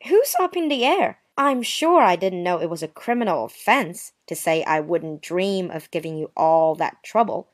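A woman's voice: lowish voice, moderate pace, few pauses, natural voice. A woman voicing a touchy, prim young woman who answers with sarcastic, wounded politeness in a dramatized story. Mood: offended. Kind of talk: dramatized short story reading.

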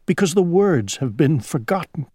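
A woman voicing a gentle, earnest male owl who frets and weeps in a picture book read-aloud; Chinese is her first language. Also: low-pitched, lively intonation, moderate pace, slightly rough, dry recording. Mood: sad, musing.

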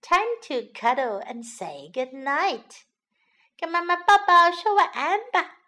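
A woman voicing a patient, worn-out mother rabbit who speaks softly and gently. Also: very high voice, very animated, slow pace, pitched above the performer's own voice, full character voice. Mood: gentle. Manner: soft, gentle and hushed.

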